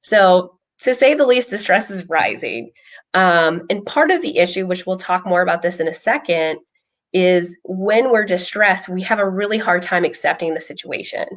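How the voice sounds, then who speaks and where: A woman's voice: fairly low pitch, expressive, normal speed. A woman speaking as a behavioral health clinician, casually telling a personal story with frequent ums. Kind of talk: casual explanatory chat.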